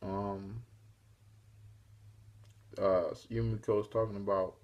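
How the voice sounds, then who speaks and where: A man's voice: on the low side, little pitch movement, takes it slowly, highs cut off. A man casually retelling a comic issue for his own review show, in a rambling, laid-back way. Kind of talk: casual spoken comic recap.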